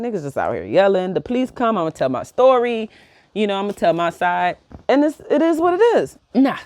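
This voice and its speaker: A woman's voice: mid-range voice, darkish tone, no room sound. A woman around thirty telling a personal story in a casual vlog. She talks bluntly, swears freely and acts out what each person said. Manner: blunt, profane, acts out quoted dialogue. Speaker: vlogger.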